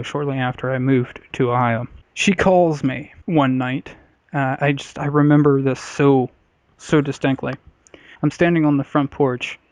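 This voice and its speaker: This co-host of a casual comedy podcast has a mid-range, darkish voice with vocal fry, captured dry on slightly dull podcast audio. He tells a story bluntly and profanely, full of uhs and likes.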